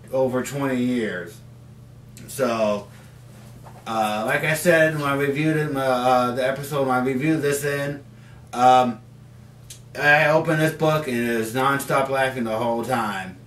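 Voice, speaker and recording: A man's voice: mid-range voice, slight background noise. A man casually reviewing comics at home, rambling with lots of fillers and restarts. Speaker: comic book vlogger. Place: home basement. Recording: roomy, mic at a distance.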